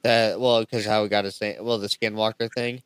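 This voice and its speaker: Smooth-voiced man with dry quips. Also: on the low side, level tone, fairly quick, fairly bright tone, no room sound. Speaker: podcast co-host. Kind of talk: casual chat, reading notes aloud.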